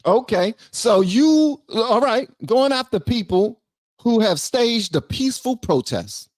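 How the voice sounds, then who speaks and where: A man from Southeast Washington, D.C. talks straight to his viewers in an emphatic, animated way. His pitch rises and falls widely. The sound is dry and close. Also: takes it slowly, no echo. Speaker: YouTube commentator reacting to a clip. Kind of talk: casual reaction commentary.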